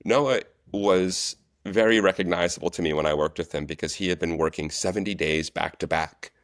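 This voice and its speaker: A man telling set stories as a guest, relaxed and chatty in a casual interview. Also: sits low, normal speed, dry recording, clean studio sound. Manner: animated storyteller, relaxed and chatty. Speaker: guest, actor and stunt coordinator.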